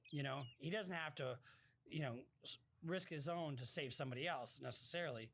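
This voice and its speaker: A man's voice: fairly high pitch, a little fast, a bit bright. Blunt, swearing male stream commentator. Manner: blunt, swears freely, talks in fits and restarts. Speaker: live-stream commentator reading viewer messages. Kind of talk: casual live-stream commentary.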